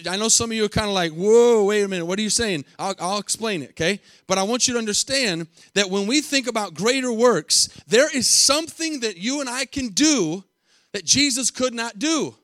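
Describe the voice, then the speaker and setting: A man's voice: high voice, a bit bright, dry recording, clean studio sound. A man preaching a sermon as a pastor, emphatic, with repeated phrases and rhetorical questions put to the congregation.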